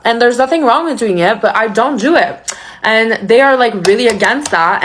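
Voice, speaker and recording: A young woman tells a personal story in a loose, chatty way. She swears freely, fills her sentences with "like", and her retelling has an anxious, breathless edge. Her voice is mid-pitched for a woman. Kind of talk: casual storytelling.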